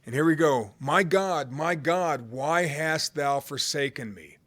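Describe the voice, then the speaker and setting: A man preaching a sermon in a conversational way, swinging from loud cries to hushed low tones. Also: slow pace. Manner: conversational, with fillers and restarts.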